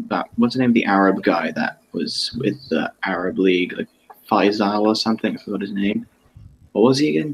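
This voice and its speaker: A man with a lowish voice talks in a loose, rambling way on a live stream. He often stops and restarts his sentences, and there is a faint hiss behind him. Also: poor audio. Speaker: podcast co-host. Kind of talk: casual chat.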